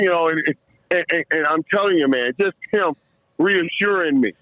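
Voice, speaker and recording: A man's voice: fairly high pitch, normal speed, no echo. A middle-aged man, a former football player, telling emotional stories as a podcast guest, stumbling over repeated words and laughing as he goes. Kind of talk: emotional storytelling in a podcast interview. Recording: dull, muffled, dry sound.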